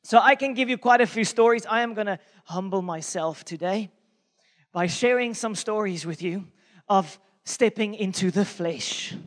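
Pastor, man, 40s, from South Africa; animated, self-mocking sermon storyteller, very high voice, reverberant church hall. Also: moderate pace.

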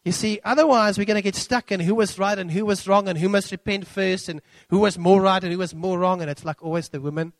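A middle-aged man preaches with a high voice that leaps up and drops low as he acts out the people he quotes. The sound is close and dry, with no room around it. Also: fast talker, hardly any pauses, dry recording. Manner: animated, acts out quotes with big pitch swings. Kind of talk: sermon.

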